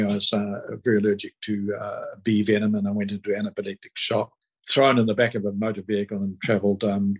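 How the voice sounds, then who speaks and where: Older husky-voiced man. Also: on the low side, rough recording. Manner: rambling storytelling with hesitant fillers. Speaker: guest. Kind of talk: relaxed conversational interview.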